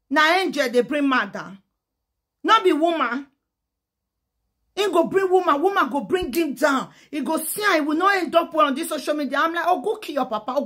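A woman with a Nigerian Pidgin accent, working as a social media commentator, delivers a fiery, emphatic vlog rant that flips between Pidgin and English. Her voice sits high and has a sharp tone.

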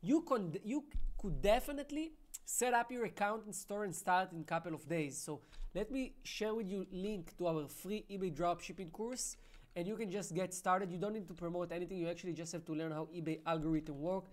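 A man's voice: high voice, brisk. A man hosting a live webinar Q&A, reading out viewer questions and answering them in a casual, friendly way. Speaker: webinar host.

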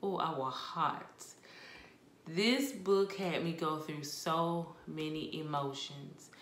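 A woman chatting casually about books she read, expressive and talkative with laughs and asides. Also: low-pitched, takes it slowly, reverberant, a little hiss or hum. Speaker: book vlogger. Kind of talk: casual book review chat.

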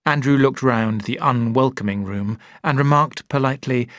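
A man narrating a story slowly and clearly for English learners. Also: medium pitch, dry recording, studio quality. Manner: clear, deliberate reading.

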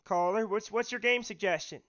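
A man hosting a call-in livestream, talking in a halting way and often repeating himself. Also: high-pitched, fairly bright tone, dull audio. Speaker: livestream host taking callers.

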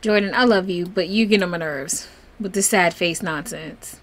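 A woman's voice: on the low side, moderate pace. A woman hosting a casual let's play, chatting through the game and talking fondly to her characters. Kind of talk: casual gameplay commentary.

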